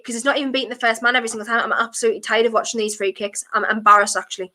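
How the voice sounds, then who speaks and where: Woman doing a footy watchalong stream, bright punchy voice, chatty and blunt, yells at fouls. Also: fairly high pitch, fairly even intonation, fast talker. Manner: passionate, blunt, chatty opinions; bursts into shouting at fouls. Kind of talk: live match commentary and fan chat.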